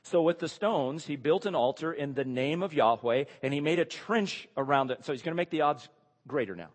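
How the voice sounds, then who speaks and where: A fairly high-voiced man preaching through a Bible passage with lively energy, tossing out rhetorical questions and little chuckles. His voice swings up and down as he builds each point. It rings out in a large hall with a long, trailing reverb. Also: a little fast. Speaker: pastor or Bible teacher. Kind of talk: expository sermon.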